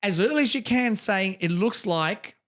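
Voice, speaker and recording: A high-pitched man co-hosts a podcast in relaxed conversation. He talks bluntly and with emphasis, swearing freely as he makes his point. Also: moderate pace. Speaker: podcast co-host. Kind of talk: casual chat.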